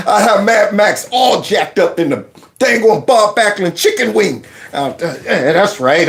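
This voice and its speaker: Male reaction host, high lively voice, mocking and laughing, trash-talk delivery. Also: unhurried. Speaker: commentary host. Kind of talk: reaction commentary.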